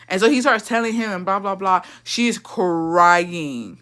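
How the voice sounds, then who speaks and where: A woman's voice: on the low side, normal speed, hardly any pauses, fairly bright tone. A young woman hosting a livestream, telling a profane, gossipy family story with laughs and Spanish phrases mixed into her English. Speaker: livestream host. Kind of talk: casual storytime chat.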